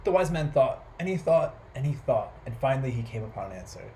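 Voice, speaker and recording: A man's voice: mid-range voice, brisk, rough recording. Playful man reading a kids' story. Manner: animated, playful, with animal and noise sound effects. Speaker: library storyteller. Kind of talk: children's story read aloud.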